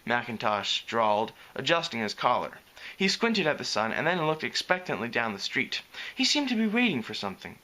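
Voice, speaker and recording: Man, story reader, lively pitch, bright tone, fixes slips. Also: normal speed. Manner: lively reading, fixing slips as he goes. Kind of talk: reading fan fiction aloud.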